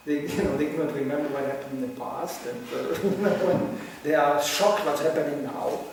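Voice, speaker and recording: Older male spiritual teacher, slightly high voice, laughs through his talk, heard from afar in a very echoey hall. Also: normal speed, gravelly, far from the mic, a little hiss or hum. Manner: chuckles often, animated storytelling. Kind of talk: devotional lecture.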